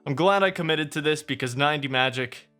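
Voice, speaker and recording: Bright-voiced young man narrating gameplay. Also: fairly high pitch, fast talker, faint music behind. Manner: chatty, excitable, talks to the viewer. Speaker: gaming video creator. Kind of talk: gameplay commentary.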